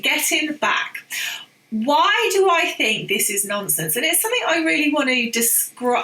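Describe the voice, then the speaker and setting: A woman talks to camera as an online teacher, chatty and opinionated. Her voice sits a little high and sounds bright. The room adds a roomy echo. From England. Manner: chatty and opinionated, with asides and laughs. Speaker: online English teacher and business coach. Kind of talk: casual talk to camera.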